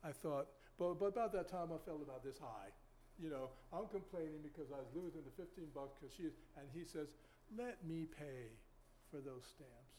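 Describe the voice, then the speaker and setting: A man preaching a sermon in a folksy, rambling way, with many restarts and sudden loud emphasis. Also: on the high side, brisk, slight background noise. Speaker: pastor.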